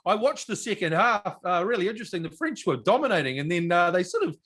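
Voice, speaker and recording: A man co-hosts a sports podcast, his voice sitting noticeably high for a man. He talks bluntly and excitedly, swears freely and laughs easily in casual chat. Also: quick pace, husky. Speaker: podcast co-host.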